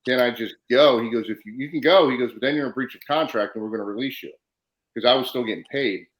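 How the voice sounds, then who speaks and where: A man's voice: mid-range voice, steady tone, quick pace, echoey room, low-quality recording. A man hosting a casual podcast interview, telling stories animatedly and acting out the exchanges he quotes. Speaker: podcast host, former wrestler.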